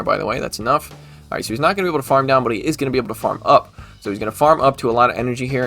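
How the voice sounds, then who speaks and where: Male host, brisk casual game play-by-play, chatty asides, faint music underneath. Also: mid-range voice, fairly bright tone. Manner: chatty, self-correcting, quick asides. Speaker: gaming channel host.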